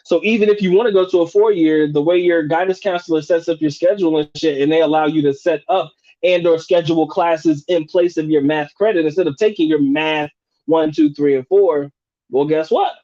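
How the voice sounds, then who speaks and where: A man's voice: fairly high pitch, brisk, warm tone, highs cut off. A man hosting a live stream, chatting casually and profanely, restarting and rephrasing as he goes. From United States.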